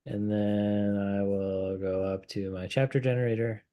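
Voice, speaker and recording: A man hosting a casual software demo livestream, relaxed and thinking aloud as he clicks through the tool. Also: on the low side, a little slow, highs cut off. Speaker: host of a product livestream.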